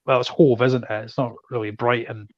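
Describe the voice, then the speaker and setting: A Scottish man hosts a loose, banter-filled chat and keeps teasing his guests with jokes. His voice sits at a middle pitch. The recording sounds dull and dry. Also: little pitch movement, brisk, no echo. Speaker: host. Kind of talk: casual chat.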